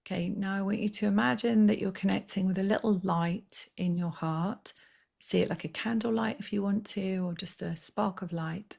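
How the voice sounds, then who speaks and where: Woman healer, guided healing session, gravelly and husky, soft coaxing delivery. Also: medium pitch, fairly even intonation. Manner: soft, slow, coaxing guidance. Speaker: spiritual healer.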